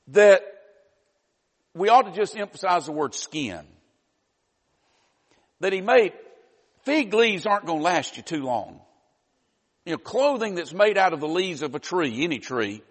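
A man preaching a sermon, teaching in a conversational way with wry asides. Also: sits high. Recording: long reverb of a large hall.

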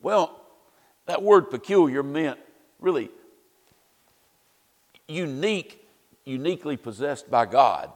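Lively, slow-talking male preacher in a hall. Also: a little high. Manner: conversational, wry asides, many you-knows. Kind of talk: sermon.

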